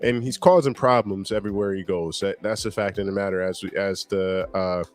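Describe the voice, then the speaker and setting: A man's voice: low-pitched, steady tone, a little fast. A man co-hosting a casual TV reaction show, laid-back and slangy, laughing often. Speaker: podcast co-host.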